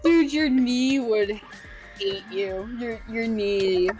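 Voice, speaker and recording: A woman's voice: fairly high pitch, slow, a little mellow, faint music behind. A woman playing along on a game stream, teasing her co-player and laughing often. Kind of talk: casual gaming chat.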